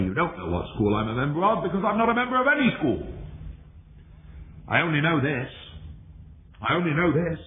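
A man preaching a sermon, swinging between high exclamations and hushed low tones. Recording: tinny lo-fi recording in an echoey hall with faint hiss.

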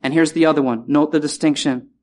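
A man preaching a sermon in a chapel, repeating key phrases and slowing down to stress words. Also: fairly high pitch, fairly even intonation.

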